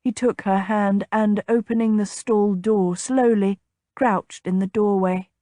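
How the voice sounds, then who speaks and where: Woman audiobook narrator, medium pitch, unhurried even delivery, dry booth sound. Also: no room sound. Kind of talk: scripted romance narration.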